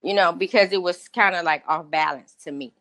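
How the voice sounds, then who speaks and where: Excitable woman telling her story. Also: fairly low pitch, a little fast, dry recording. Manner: excitable, animated, acts out quotes. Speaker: interview guest. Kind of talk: casual storytelling interview.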